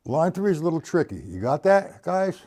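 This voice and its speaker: A man teaching drums on a live stream, counting rhythms slowly aloud and chatting with his viewers. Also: on the high side, big pitch swings, loud music behind the voice. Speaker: drum teacher. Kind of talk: live-streamed drum lesson. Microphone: single mic, sometimes hidden by his shirt.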